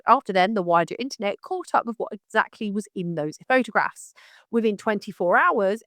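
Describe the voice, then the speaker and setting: A woman's voice: on the high side, fairly bright tone, no room sound, studio quality. A woman hosting her own podcast, giving outspoken and emphatic commentary in a direct manner. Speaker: podcast host. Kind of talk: opinionated commentary.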